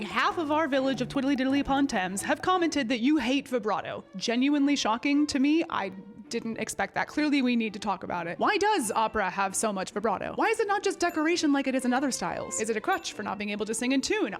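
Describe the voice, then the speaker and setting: Chatty, playful woman opera singer host. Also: high-pitched. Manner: chatty and playful, with asides and self-corrections. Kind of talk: casual educational talk to camera.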